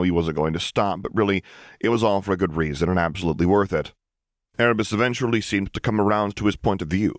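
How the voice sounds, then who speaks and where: A man reading fan fiction aloud as an audiobook, narrating in a calm, even storytelling manner. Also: low voice, no echo, clean studio sound. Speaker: audiobook reader.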